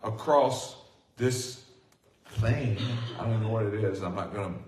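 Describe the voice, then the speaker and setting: A man preaching a sermon as pastor, speaking with rising passion and excited emphasis. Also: fairly low pitch, unhurried, a little hiss or hum. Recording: echoey room from far off.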